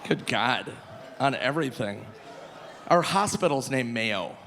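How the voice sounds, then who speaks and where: A man in his forties from Minnesota doing a live stand-up set, animated and self-mocking, often breaking into laughter. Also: medium pitch, measured pace, creaky, some chatter behind. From Minnesota, USA. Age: 40s. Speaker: stand-up comedian. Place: live theater stage. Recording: reverberant live venue, faint room noise.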